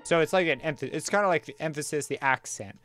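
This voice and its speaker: A man teaching a casual music production tutorial, talking in a relaxed, chatty way with slang and plenty of fillers and self-corrections. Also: a little high, fast talker. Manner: enthusiastic, uses slang. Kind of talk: casual screen-recorded software tutorial.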